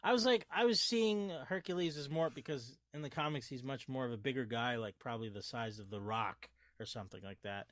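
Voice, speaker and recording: A man joining a movie review podcast as guest host, teasing his co-hosts and talking in halting starts. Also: mid-range voice, a bit bright, no echo, clean studio sound. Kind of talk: casual movie review chat.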